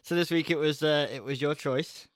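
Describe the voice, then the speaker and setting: A man's voice: fairly high pitch, steady tone, moderate pace, no echo, studio quality. A man co-hosting a casual podcast chat, laughing often as he reads facts from his notes. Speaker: podcast co-host.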